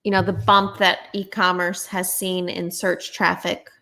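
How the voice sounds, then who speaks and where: Creaky-voiced woman in relaxed chat. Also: lowish voice, a little slow. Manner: relaxed, short interjections, thinking aloud. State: sleepy, yawning. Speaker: podcast co-host. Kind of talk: casual chat.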